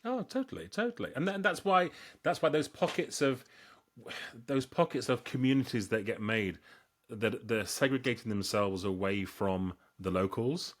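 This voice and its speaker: A man co-hosting a casual chat, speaking emphatically and getting animated as he makes his point. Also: mid-range voice, moderate pace. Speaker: co-host.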